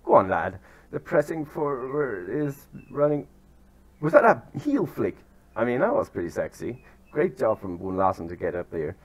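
A chatty young man commentates his football management game, his pitch swinging widely as he reacts. He talks casually and pokes fun at himself, breaking into sudden excited yelps. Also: slightly rough. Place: outdoors near turkeys.

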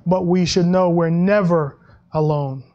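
A male pastor preaching a sermon in a conversational way, with frequent restarts and soft laughs, and dropping his voice when he quotes scripture. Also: fairly even intonation, unhurried, muffled recording. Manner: acts out Bible quotes in a lower voice.

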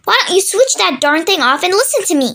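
Firm polite young teacher, storybook, high voice, woman reading. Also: expressive, normal speed, a bit bright, exaggerated voice.

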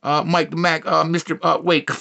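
A man's voice: on the high side, vocal fry, pushed and bright. A man in his forties from Milwaukee, riffing crudely and mockingly on dating profiles. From Milwaukee, USA. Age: 40s. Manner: profane, mocking, quick asides. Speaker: comedy vlogger.

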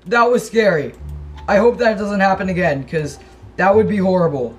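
A young man with a slightly high voice talks through his gameplay in a loose, rambling way. He is jumpy and excitable, breaking into yelps and gasps when something surprises him. Faint game music plays quietly underneath. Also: normal speed. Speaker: gaming channel host. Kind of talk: casual gameplay commentary.

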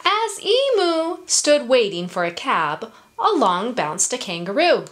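A woman reading a picture book aloud to children, in an expressive, sing-song way, pausing to ask her listeners questions. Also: a little high, a little hiss or hum. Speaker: story time reader.

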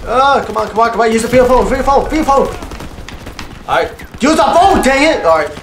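A young man commentating a war video game, excitable and loud, yelling and repeating himself. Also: very high-pitched, brisk, echoey room, a little hiss or hum. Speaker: gaming YouTuber. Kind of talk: excited let's-play commentary.

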